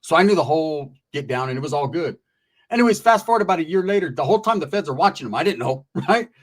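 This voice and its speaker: Streetwise storyteller man, fairly high voice, salty slang. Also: animated, fast talker. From Merced area, California. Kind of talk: casual storytelling.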